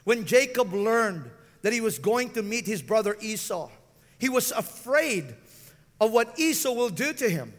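A man's voice: high voice, big pitch swings, measured pace, long reverb tail. A man preaching a sermon as pastor, often calling out questions to his listeners. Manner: preaching with frequent call-outs to the listeners.

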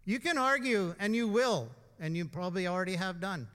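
A man's voice: sits high, lively intonation, a little fast, fairly bright tone. A man pastor giving an informal, emphatic sermon full of asides and rhetorical questions, with the long reverb of a church hall. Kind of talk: conversational sermon.

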